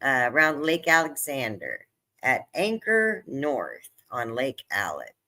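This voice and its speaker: An older woman hosts her own livestream, chatting casually with viewers in a rumbling low, sing-song voice that is slow and sharp-toned. She is talkative, easily moved, and laughs often.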